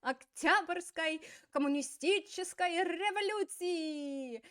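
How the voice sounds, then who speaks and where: A woman voicing a single-minded male revolutionary leader who answers with booming, drawn-out proclamations. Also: fairly bright tone, full character voice. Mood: fervent.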